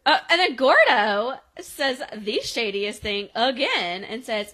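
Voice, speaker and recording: A woman co-hosting a podcast, casually recapping a TV episode and acting out the characters' lines in quick voices. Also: on the high side, expressive, bright, forceful tone, rough recording. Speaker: podcast co-host.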